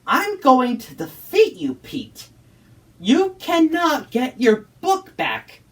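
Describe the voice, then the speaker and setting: A woman's voice: mid-range voice, wildly swooping pitch, measured pace. A woman playing cross young ghost-fighting hero. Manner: eager, shouts battle roars.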